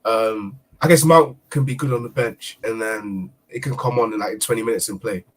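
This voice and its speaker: Husky man weighing up football players. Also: on the low side, moderate pace. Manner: hesitant, many ums. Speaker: panelist. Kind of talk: casual football chat.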